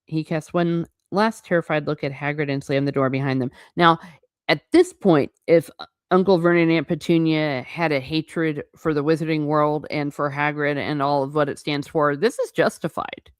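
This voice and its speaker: A woman's voice: deep voice, steady tone, normal speed, clean tone, no echo, clean studio sound. A woman hosting a book channel, reading passages aloud and giving frank, opinionated commentary, often stumbling over words.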